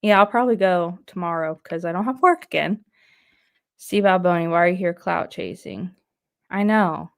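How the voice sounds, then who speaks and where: This woman hosts an easygoing live stream, reading viewer comments aloud with plenty of chatter and frequent laughter. Her voice is on the low side, with vocal fry, at a normal speed.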